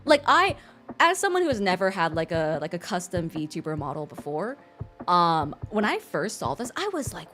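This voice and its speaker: A woman streamer chatting casually on a livestream, expressive and quick to laugh, swearing freely. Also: on the low side, faint music behind.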